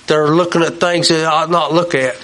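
A man's voice: a little high, steady tone, moderate pace, a bit bright, close to an everyday voice. A man quoting an ordinary, troubled man in his own voice, earnestly complaining as he asks for help.

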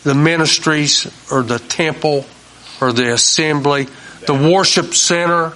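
A man's voice: a little high, measured pace, sharp tone. A man hosting a Christian talk show, telling homespun stories in a folksy preaching manner and repeating his key lines for emphasis.

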